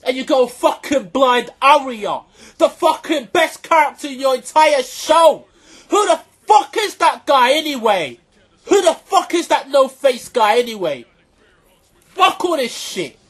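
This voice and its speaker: A vlogger delivers a furious, expletive-laden rant straight to camera. The voice sits high, and the speaker keeps breaking into shouts and repeating lines for emphasis. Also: very animated, unhurried. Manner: furious, profane, often shouting. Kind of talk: angry reaction rant to camera.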